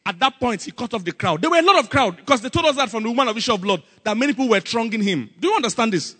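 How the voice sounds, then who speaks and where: Lively preacher. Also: male voice, very high voice, very fast, slightly rough, big-room sound. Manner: animated, call-and-response with congregation, acts out Bible scenes. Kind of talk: sermon.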